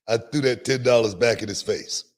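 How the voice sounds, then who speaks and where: A middle-aged man hosting a podcast, telling stories in a laid-back, repetitive way and laughing often. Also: mid-range voice. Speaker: podcast host and wrestling promoter. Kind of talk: casual podcast storytelling. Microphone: podcast microphone, remote stream.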